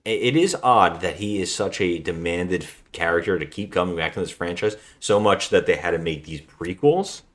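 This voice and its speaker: A man hosting a podcast, casually retelling a movie plot in a rambling, relaxed way. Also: sits low, normal speed, few pauses. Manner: rambling, relaxed storytelling with frequent restarts. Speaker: podcast host.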